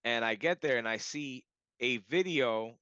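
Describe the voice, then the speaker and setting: A man telling a personal story in a casual, animated way, full of "like" and "you know". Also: medium pitch, unhurried, smooth, dry recording. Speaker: client giving a testimonial. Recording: dull lo-fi audio.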